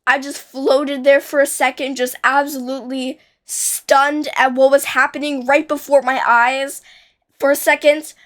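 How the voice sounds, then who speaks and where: A woman's voice: high-pitched, level tone, a little slow, fairly bright tone. A young woman telling a childhood story in a casual, rambling way, with many restarts and fillers.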